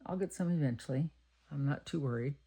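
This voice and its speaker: A woman's voice: low-pitched, a little fast, mellow, a little hiss or hum. A middle-aged woman from Texas chatting casually and thinking aloud while she makes greeting cards. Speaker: card-making crafter. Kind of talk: casual crafting chat.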